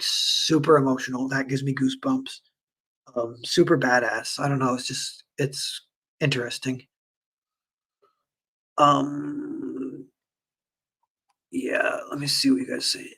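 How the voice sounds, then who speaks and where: A man streaming and chatting casually with viewers, rambling with lots of fillers and animated retellings. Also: mid-range voice, measured pace, long pauses, husky. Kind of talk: casual livestream chat.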